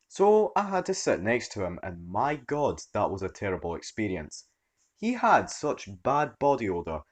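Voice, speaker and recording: Expressive low-voiced male narrator. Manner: expressive storytelling read. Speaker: story narrator. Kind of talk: scripted narration.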